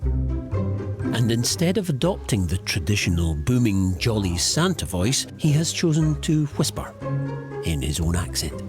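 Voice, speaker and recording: A man's voice: fairly low pitch, big pitch swings, measured pace. A man narrating a documentary in a scripted voice-over with dry, wry storytelling. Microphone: studio voice-over. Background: music.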